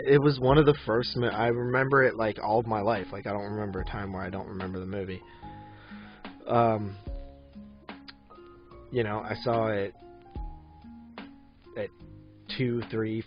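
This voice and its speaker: A man's voice: on the low side, muffled recording. A man in his thirties co-hosting a casual movie podcast, rambling with lots of fillers and easy laughs. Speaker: podcast co-host.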